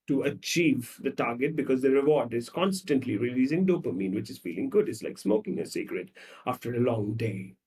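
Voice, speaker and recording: A man, a psychologist guest on a podcast, tells stories dramatically and acts out the scenes, swinging between loud and soft. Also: medium pitch, lively intonation, a little fast. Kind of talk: podcast conversation.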